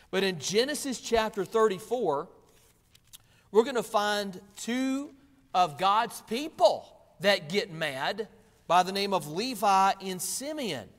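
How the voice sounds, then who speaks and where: Male pastor, higher voice, emphatic repetitive preaching, church hall reverb. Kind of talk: sermon. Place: church sanctuary.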